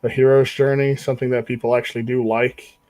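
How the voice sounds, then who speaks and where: A man's voice: medium pitch, level tone, brisk, darkish tone. A man co-hosting a podcast, chiming in with sarcastic jokes and laughter in casual chat.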